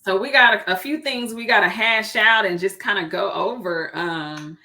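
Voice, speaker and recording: A woman's voice: medium pitch, moderate pace, pushed and bright. A woman in her thirties, a realtor co-hosting a casual chat, talking openly and laughing often. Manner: chatty, laughs often, acts out quoted dialogue. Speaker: co-host, realtor.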